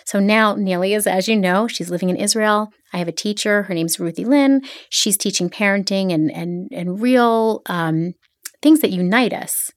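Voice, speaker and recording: A middle-aged woman from the Philadelphia area, a podcast guest, chatting casually and telling stories with quick asides. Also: mid-range voice, no room sound, clean studio sound. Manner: animated storyteller, quick asides. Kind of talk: casual interview chat.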